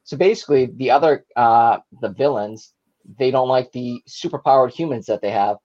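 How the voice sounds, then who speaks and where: A man co-hosting a casual podcast, a little tipsy, talking over a video call. He rambles eagerly through plot summaries at a middling pitch. The sound is dull and lo-fi. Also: moderate pace, a little mellow. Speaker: podcast co-host.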